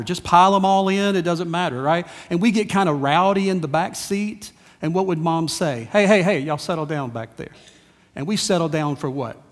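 Male pastor, high-pitched, emphatic sermon delivery, reverb-heavy church sound. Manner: conversational and emphatic, with rhetorical questions. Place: church sanctuary. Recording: long reverb in a church hall.

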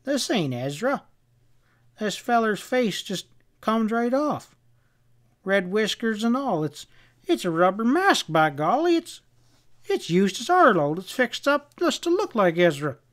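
A stunned frontier townsman played by a man stammers in a high, excited voice. His pitch jumps up as he stumbles over his words. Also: a little slow, heavily acted. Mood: shocked.

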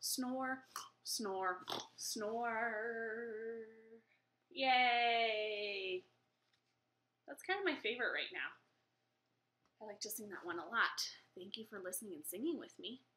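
A woman's voice: medium pitch, very animated, fast, bright, forceful tone. A woman working as a children's librarian, leading a baby storytime with a cheerful sing-song reading manner. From United States.

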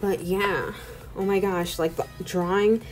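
A woman's voice: medium pitch, fairly even intonation, measured pace. A young woman in her twenties rambling in a casual voice-over at home, chatty and loose, with "like" in nearly every sentence. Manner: chatty, rambling, full of "like" fillers. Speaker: art YouTuber. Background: faint background music.

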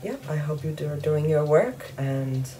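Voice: mid-range voice, expressive, moderate pace, mellow, soft background music, natural voice. A young performer playing a chatty, rambling teacher promoting an odd elective in an improvised mockumentary. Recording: noisy background.

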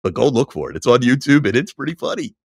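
A man co-hosting a casual podcast chat, animated and quick to laugh, sometimes reading aloud from notes. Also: medium pitch, vocal fry, slightly rough, no echo, studio quality. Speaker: podcast co-host.

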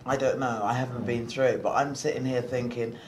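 A man's voice: medium pitch, little pitch movement, fairly quick. A man interviewing a guest, talking conversationally and often ending on tag questions. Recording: roomy echo with faint noise.

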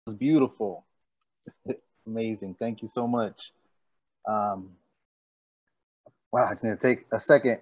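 A man from East Los Angeles, a poet, speaking casually and a bit haltingly at a poetry event, visibly moved. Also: fairly low pitch, fairly even intonation, darkish tone, dry recording. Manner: moved, halting, says y'all.

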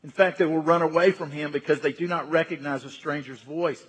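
A man with a high, husky voice delivers an emphatic Sunday sermon, repeating words to build each point. His voice echoes with a long reverb through a church sanctuary. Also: fairly even intonation, a little fast. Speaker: senior pastor.

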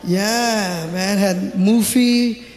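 A man with a Hawaiian Pidgin-tinged accent doing loud, animated live stand-up in a large theatre. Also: high-pitched, extremely slow, in a large hall. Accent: Hawaiian Pidgin-tinged English. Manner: loud, animated, shouting punchlines. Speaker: stand-up comedian. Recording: live theatre recording with audience noise.

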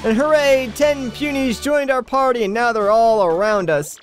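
A relaxed, chatty man gives casual commentary over a video game and fills his sentences with many fillers. Faint background music plays behind him. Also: extremely high pitch, moderate pace, hardly any pauses. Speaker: Let's Play host.

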